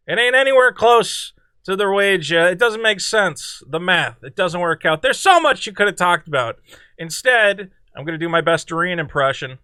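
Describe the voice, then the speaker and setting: Sarcastic, high-voiced man commentator. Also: clear, resonant tone, dry recording. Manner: sarcastic, animated, exclaiming. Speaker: online commentator.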